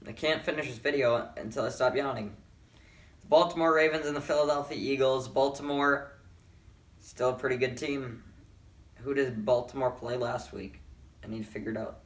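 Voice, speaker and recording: A man's voice: mid-range voice, steady tone, normal speed. A tired man casually making football picks, rambling and correcting himself as he goes. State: tired, yawning. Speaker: sports picks vlogger. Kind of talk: casual picks and predictions talk. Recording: roomy, mic a bit far off.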